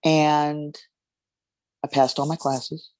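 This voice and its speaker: A jazz singer, a woman, telling a story in an interview in an expressive, halting way with fillers. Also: low-pitched, no echo.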